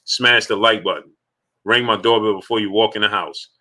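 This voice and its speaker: Bright-voiced man hosting a live sports stream. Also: on the low side, steady tone, normal speed. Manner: emphatic, repeats points, greets chat by name. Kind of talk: casual live-stream chat.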